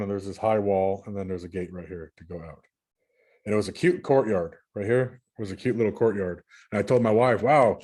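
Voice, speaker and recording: A man's voice: on the low side, a little mellow. A man from California recounting his dreams in a casual, rambling way, often repeating and restarting his words as he shares his screen. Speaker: channel host recounting dreams. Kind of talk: casual spoken recounting while screen sharing.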